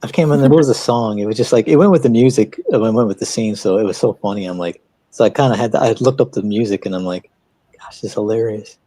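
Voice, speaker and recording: A man chatting casually on an art livestream, telling rambling anecdotes in an animated way. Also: fairly low pitch, fast, no echo. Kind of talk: casual chat.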